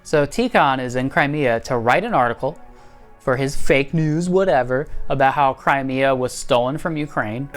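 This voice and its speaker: Woman host, low voice, sarcastic and foul-mouthed, breaks into goofy voices to mock the characters. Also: moderate pace, faint music behind. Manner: sarcastic, profane, mocks characters in silly quoted voices. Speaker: video essay host. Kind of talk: comedic movie review.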